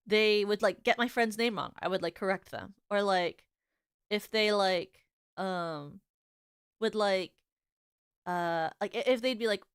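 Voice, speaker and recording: A woman's voice: medium pitch, a little slow, long pauses, clear, resonant tone, dry recording, clean studio sound. A young woman streamer chatting casually, rambling with many filler words and restarts, and laughing as she tells stories. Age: young adult. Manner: animated, giggly storytelling. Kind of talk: casual chat.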